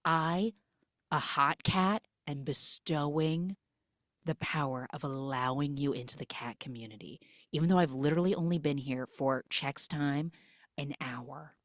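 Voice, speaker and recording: A woman's voice: sits low, unhurried, dry recording, clean studio sound. Woman putting on a smug young cat. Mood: grand. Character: vain young female cat, boastful and smug. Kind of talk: comic retelling with voices.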